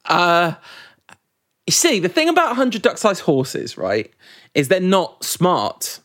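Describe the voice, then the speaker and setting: A man's voice: high voice, huge pitch swings, takes it slowly, a bit bright, no room sound, studio quality. A man co-hosting a podcast in casual, jokey chat, rambling with restarts. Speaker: podcast co-host leaving the show.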